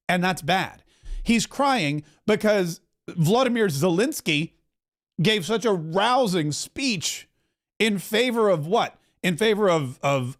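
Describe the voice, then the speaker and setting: A man hosting opinionated political commentary, sarcastic and mocking, speeding up and then drawing words out. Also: high voice. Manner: sarcastic, mocking, pace swings between rushed and drawn out.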